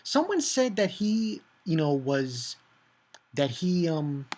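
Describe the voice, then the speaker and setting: A man giving a casual manga chapter review, excitable and profane, rambling with many fillers. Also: on the high side, slow, a little hiss or hum.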